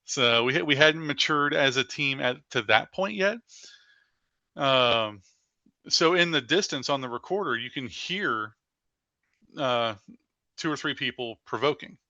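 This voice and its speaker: A man with a forceful, bright edge to his voice tells stories as a podcast guest. He talks in an animated way and leans on "like" as he goes. The sound is dry and close, with no room around it. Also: medium pitch, a little slow, pauses often, dry recording, dull audio. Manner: animated storyteller with frequent "like" fillers. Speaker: paranormal investigator guest. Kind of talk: casual storytelling in a podcast interview.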